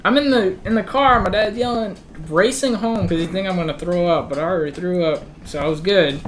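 A man's voice: high-pitched, brisk, soft background music. Laughing, swearing young storyteller guy. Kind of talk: casual storytelling chat.

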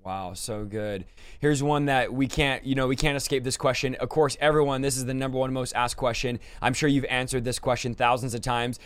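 A man's voice: medium pitch, fairly even intonation, fairly quick, smooth, no echo. A man hosting a live-stream interview, speaking emphatically like a preacher and turning to address his viewers directly. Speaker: host.

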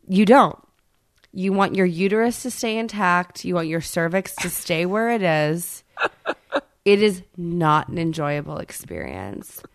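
A woman in her thirties co-hosting a podcast, chatting casually and bluntly with plenty of swearing, loud and emphatic when ranting. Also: fairly low pitch. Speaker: podcast co-host. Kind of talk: casual chat.

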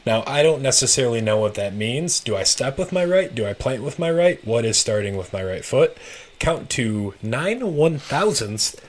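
A man's voice: medium pitch, lively intonation, brisk, few pauses. A man telling a long story in casual chat on a podcast, swearing freely and acting out both sides of a traffic stop. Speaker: podcast guest.

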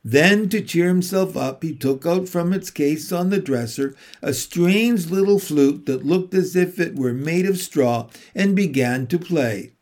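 A man reading a children's novel aloud in a measured, unhurried way. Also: a little high, darkish tone. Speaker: narrator. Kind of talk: audiobook reading.

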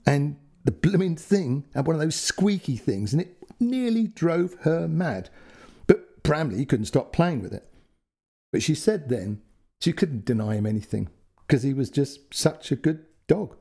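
A man narrates a true first-person story into a close podcast mic, chatty and full of asides. His voice is husky and mellow, with a lively, rising and falling pitch.

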